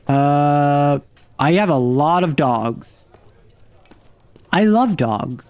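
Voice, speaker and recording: A man streaming a game, talking casually and rambling as he thinks aloud. His voice sits a little high and jumps in pitch, recorded on a dry, close desk mic. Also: lively intonation, drawn-out words, darkish tone, smooth, dry recording. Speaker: vtuber streamer. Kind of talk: casual livestream commentary while playing.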